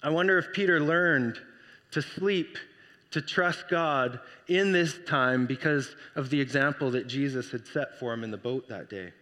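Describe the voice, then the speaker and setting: A man preaching a sermon, telling the story with lively energy and acting out the voices. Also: mid-range voice, unhurried, long reverb tail. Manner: animated storytelling, acts out voices. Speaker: pastor.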